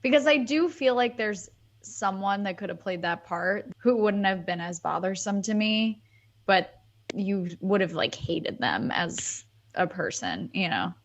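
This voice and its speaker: A woman's voice: mid-range voice, lively intonation, unhurried, dull audio, slight background noise. A woman co-hosting a podcast, chatting casually and asking her guest questions. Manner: conversational, asks questions. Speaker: co-host.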